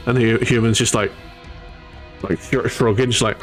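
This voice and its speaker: A man chatting casually while he paints on stream, his speech halting and full of repeated words, with a ready laugh. His pitch is middling, and soft music plays underneath. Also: steady tone. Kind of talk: casual chat.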